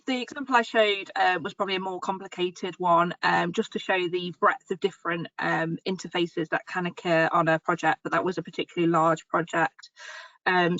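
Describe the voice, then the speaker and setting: A woman's voice: lowish voice, fairly bright tone, dry recording. Hesitant woman presenter on a call. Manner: hesitant, many ums, explanatory. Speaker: presenter answering questions. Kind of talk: answering a question on a video call. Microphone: video call. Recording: dull lo-fi call audio.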